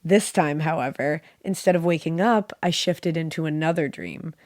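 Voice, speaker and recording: A woman with a sick, slightly off voice reads a listener's dream story aloud as a podcast co-host. She tells it in an animated way, with joking asides. Her pitch is on the low side and the recording is close and dry. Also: normal speed, no room sound. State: sick, voice a little off.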